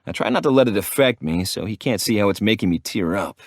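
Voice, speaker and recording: Deep gruff guy reading an audiobook in first person, swears a lot, dry close mic. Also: expressive, fast, dry recording. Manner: gruff and profane. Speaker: audiobook narrator.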